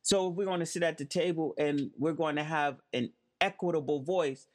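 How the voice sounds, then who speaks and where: A man's voice: a little high, moderate pace. A man hosting a spoken commentary, talking emphatically and stressing key words. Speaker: host. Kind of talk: monologue commentary.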